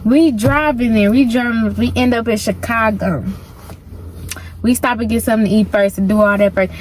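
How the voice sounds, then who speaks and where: A woman's voice: fairly high pitch, normal speed, darkish tone, slight background noise. A woman vlogger telling a personal story in a casual, slangy, emphatic way.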